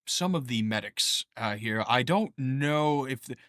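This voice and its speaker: A man's voice: medium pitch, expressive, unhurried, a bit bright, no room sound, studio quality. A man voicing a friendly male fort keeper who hedges with folksy fillers. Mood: helpful.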